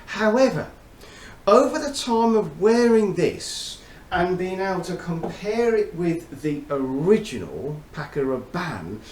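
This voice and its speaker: A man with a slightly higher voice talks chummily to camera, spinning stories as he goes. The room has a noticeable echo, and a faint hum sits behind him. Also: big pitch swings, measured pace, a little mellow. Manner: chatty, chummy, storytelling. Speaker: fragrance reviewer. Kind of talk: casual chat to camera. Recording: roomy echo, faint background noise.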